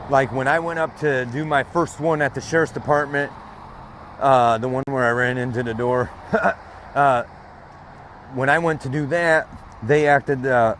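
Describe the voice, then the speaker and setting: A man's voice: mid-range voice, a bit bright, a little hiss or hum. A man vlogging outdoors by a street, telling a long grievance story in a rambling, cursing way. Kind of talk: casual talk while walking outdoors. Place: outdoors by a street with passing vehicles.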